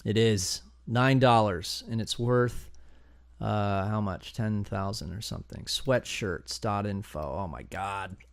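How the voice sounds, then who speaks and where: A man hosting a domain investing channel, talking through a live screen-share tutorial in an excitable, chatty way, thinking aloud as he goes. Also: lowish voice, slow pace, creaky, clean tone, no echo, clean studio sound. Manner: excitable and chatty, bursts of enthusiasm and groans.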